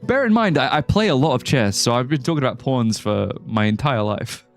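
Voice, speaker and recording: A man's voice: mid-range voice, expressive, fairly quick, gravelly, hardly any pauses. A man live-streaming a game, chatting casually with his viewers in a rambling, joking way and laughing often. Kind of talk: casual live-stream chat over gameplay. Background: faint music.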